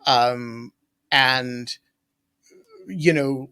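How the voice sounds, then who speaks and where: A man hosting an interview, asking questions in a halting, thoughtful way with long pauses and ums. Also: mid-range voice, fairly even intonation, sharp tone, clean tone. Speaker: podcast host. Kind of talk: casual conversational interview.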